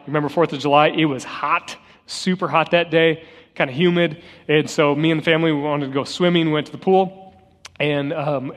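A man's voice: high voice, a bit bright. A man preaching a sermon as pastor, telling personal stories earnestly and repeating key phrases for emphasis. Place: church sanctuary. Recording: long hall reverb with faint guitar music.

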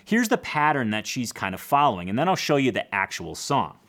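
A man's voice: mid-range voice, sing-song, brisk. A man teaching a casual guitar lesson, explaining plainly, counting strum patterns aloud and adding self-deprecating asides.

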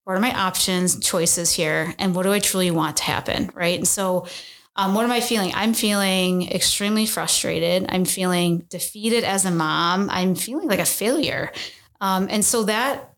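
A woman's voice: on the low side, moderate pace. A woman in her thirties, a podcast guest, explains things earnestly in a casual interview and often checks in with "right?".

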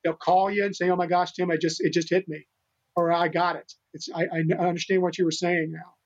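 A man's voice: high voice, flat delivery, fast talker. An older man from the United States, a guest on a podcast, telling rescue stories in an earnest, rambling way with many restarts. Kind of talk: casual interview storytelling. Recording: dull lo-fi remote audio.

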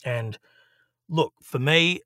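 Australian male actor, animated raconteur, bright tone, dry mic. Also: a little high, slow pace, no echo. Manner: animated storyteller, swears freely. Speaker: actor, guest. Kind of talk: casual interview anecdote.

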